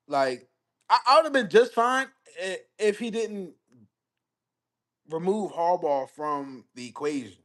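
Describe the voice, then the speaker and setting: A man's voice: sits high, expressive, slow, long pauses. A young man, hosting a live stream. He talks casually about football, swears freely, and rambles through repeated phrases as he reacts to his chat.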